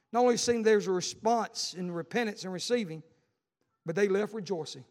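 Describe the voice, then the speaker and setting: Middle-aged male pastor, high-pitched, fervent, preaching in a reverberant church. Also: brisk. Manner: fervent, builds to shouting. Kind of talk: sermon. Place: church sanctuary. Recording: long hall reverb.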